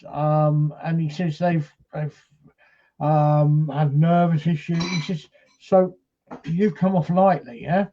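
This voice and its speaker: Man, raised but mellow voice, storytelling paranormal investigator, lo-fi camcorder sound. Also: on the high side, steady tone, takes it slowly. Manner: retells a story with many "he says" and acted quotes. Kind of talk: casual storytelling chat.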